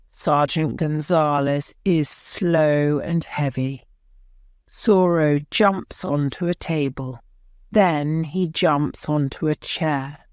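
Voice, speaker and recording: Slow, careful woman reading an audiobook. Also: sits low, a little mellow, dry recording, studio quality. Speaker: audiobook narrator. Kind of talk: scripted narration of a graded reader.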